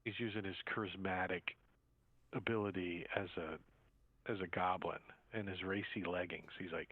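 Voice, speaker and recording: A man's voice: low voice, fairly even intonation, normal speed, husky, no echo. A man running an online tabletop game as game master, narrating in a loose, rambling way with fillers. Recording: tinny dry phone-like line.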